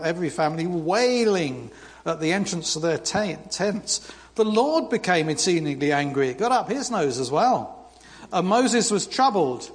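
British man, preacher, humorous sermon, somewhat high-pitched, reverberant church hall. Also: breathy edge. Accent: British English. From Britain. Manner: humorous, lively reading with asides.

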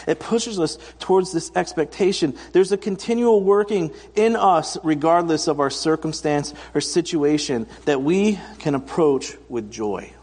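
A man's voice: a little high, measured pace, hardly any pauses, a little mellow. A man in his thirties preaching a conversational sermon, telling stories and acting out quoted voices for humor. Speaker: pastor. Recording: long hall reverb.

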